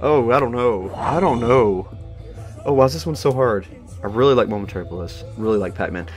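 Excitable young man, lively pitch. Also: fairly quick. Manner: excitable, rambling, self-mocking. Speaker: host reacting to songs. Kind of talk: casual reaction commentary. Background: faint song music playing.

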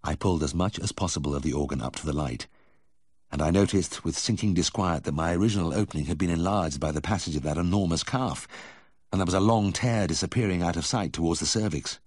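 Husky low-voiced male audiobook narrator. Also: a little mellow, no room sound, studio quality. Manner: measured, vivid storytelling. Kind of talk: first-person memoir reading.

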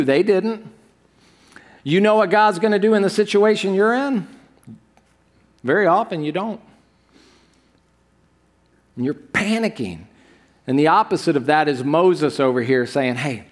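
A man preaches from a church stage in a loose, conversational way, tossing questions and asides to the congregation. His voice sits a little higher than most men's. He keeps things animated and chatty rather than formal. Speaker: pastor. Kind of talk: sermon.

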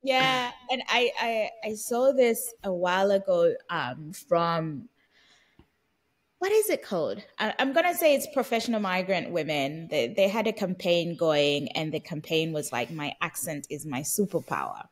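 A woman co-hosting a podcast, talking in a lively, conversational way with playful asides. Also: lowish voice, unhurried. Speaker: podcast co-host. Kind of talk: casual conversation.

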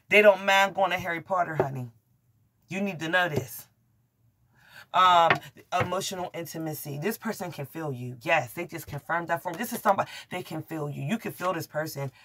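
A woman gives a casual tarot reading straight to camera. She talks bluntly and curses freely. She gets excitable, laughing and exclaiming as she goes. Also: fairly low pitch, slight background noise. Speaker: tarot reader.

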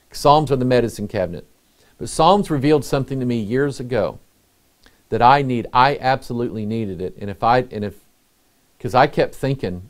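A middle-aged man, a pastor, preaching a sermon in an earnest, conversational way with pauses. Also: medium pitch, a little mellow.

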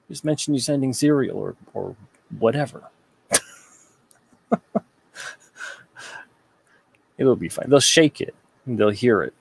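A man's voice: medium pitch, vocal fry, a little mellow, husky. A man from the United States hosting a casual livestream, reading out viewer comments and answering them with rambling, joking asides.

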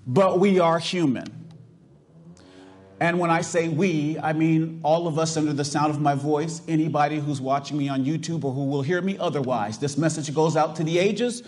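In a fairly high voice with fairly even intonation and a darkish tone, a middle-aged pastor from the US South with a Californian accent preaches at normal speed. He's emphatic and keeps asking his congregation rhetorical questions.

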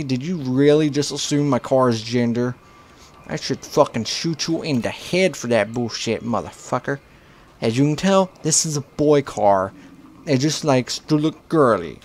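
A man giving rambling, profane let's play commentary as a gaming channel host, slipping into mock panic. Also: mid-range voice.

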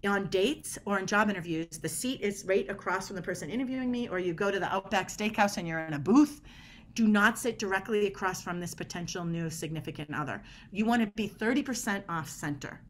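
A woman guest on a podcast explaining body language in an energetic, emphatic way. She often acts out little quoted dialogues as she makes her points. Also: medium pitch, a little fast, a little hiss or hum. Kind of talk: animated podcast conversation.

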